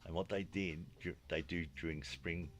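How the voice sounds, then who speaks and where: A man's voice: sits low, moderate pace. A man telling a long story in casual chat, acting out what people said and dropping in "you know" often. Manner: animated storyteller, acts out quotes, frequent "you know". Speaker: guest storyteller.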